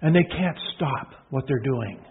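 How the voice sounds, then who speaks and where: A man preaching a sermon, emphatic, repeating phrases and swinging from hushed to loud proclaiming. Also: mid-range voice, animated, unhurried, slight background noise. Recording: tinny phone-like sound.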